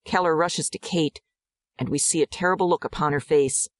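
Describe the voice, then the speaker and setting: A woman narrating a dramatized audiobook in a measured, descriptive way. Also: deep voice, no echo, studio quality.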